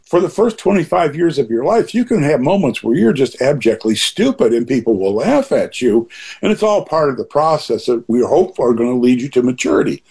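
A man's voice: mid-range voice, sing-song, fairly quick, creaky, darkish tone, slightly rough. An older man talking as an interview guest, earnest and rambling, often restarting and going off on asides. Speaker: author guest being interviewed. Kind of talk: reflective interview talk.

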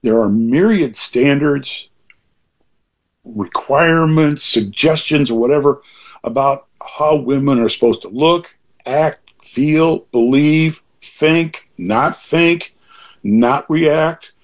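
An older man with a husky voice, talking in an earnest, rambling way with many restarts in a reflective conversation. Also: a little high, takes it slowly.

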